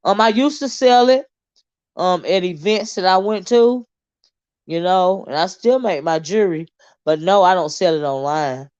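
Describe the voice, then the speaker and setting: A woman's voice: lowish voice, normal speed, a little mellow, clear, resonant tone, muffled recording. A woman with a Southern American accent, hosting a casual livestream and chatting loosely with lots of fillers and restarts. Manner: rambling, many fillers and restarts, Southern Black American vernacular turns. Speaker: livestream host reading comments.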